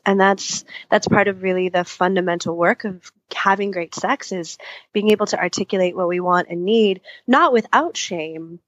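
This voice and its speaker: A woman couples therapist with a mid-range voice answers interview questions at length, thoughtfully voicing what clients might say to themselves. The recording is dry, with the highs cut off.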